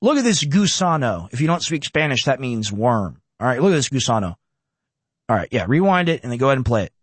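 A man hosting a political reaction show who pauses clips to rant sarcastically. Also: medium pitch, big pitch swings, slightly rough, no echo. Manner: sarcastic, ranting. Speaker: host.

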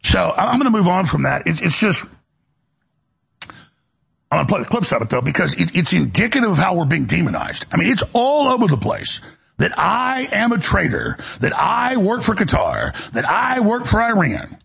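Delivering a heated political monologue, a male talk show host rants at a normal pace in a raspy, gravelly, high-pitched voice that's a bit bright and swoops wildly in pitch, with stammering restarts throughout.

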